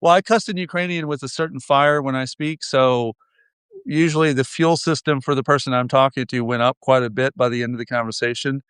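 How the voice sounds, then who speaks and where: Smooth-voiced wry man. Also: mid-range voice, fairly quick, fairly bright tone, no echo. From United States. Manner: wry, rambling, many restarts. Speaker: podcast host. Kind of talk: casual podcast conversation.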